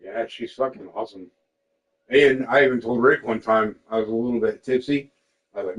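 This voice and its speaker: A young man talks in a loose, candid way, swearing freely as he tells stories. He jumps into lively voices to act out what others said to him. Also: medium pitch, fairly quick, low-quality recording. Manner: candid and profane, quotes people in lively voices. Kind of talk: casual storytelling chat.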